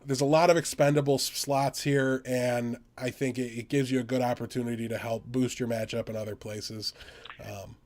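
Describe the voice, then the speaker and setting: A man co-hosting a podcast and talking a card game through casually, quick and sometimes tripping over his words. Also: medium pitch, steady tone, darkish tone. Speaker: podcast co-host. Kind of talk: casual chat, game analysis.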